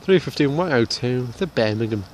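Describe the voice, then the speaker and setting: A man's voice: mid-range voice, lively intonation, moderate pace, a little hiss or hum. A man filming trains outdoors, giving casual running commentary, reeling off train numbers and station lists with jokey asides. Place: outdoors beside a railway line.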